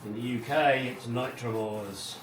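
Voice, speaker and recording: Recorded in his echoey home garage on a distant mic with background noise, a middle-aged man narrates his car restoration work. His medium-pitched voice stays steady and unhurried as he rambles casually and wryly, muttering asides.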